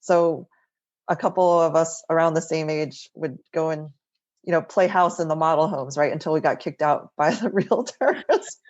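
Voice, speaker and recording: Speaking from home in a remote interview, a middle-aged female architect shares life stories in a relaxed, chatty way, sprinkling in lots of "like" and "right?". Her voice is deep and a little mellow, at a moderate pace, with the highs cut off.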